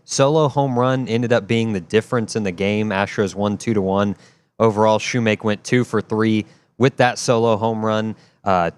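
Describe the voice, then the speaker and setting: A man, the show's director, giving brisk sports updates and running through stats and lists. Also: fairly low pitch, clean tone.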